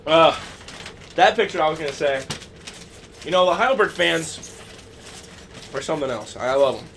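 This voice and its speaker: A man's voice: a little high, lively intonation, normal speed, a bit bright, slight background noise. A young man from the hosting a casual podcast, chattering nervously with lots of fillers. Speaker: podcast host. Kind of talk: casual chat.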